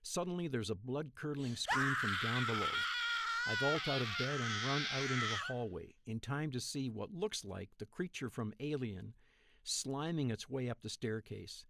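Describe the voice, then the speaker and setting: A man in his thirties tells a rambling dream story in the first person, wry and deadpan, with the odd profane aside. His voice sits at an ordinary middle pitch and is recorded dry and close, with no room sound. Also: no echo. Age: 30s. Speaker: narrator.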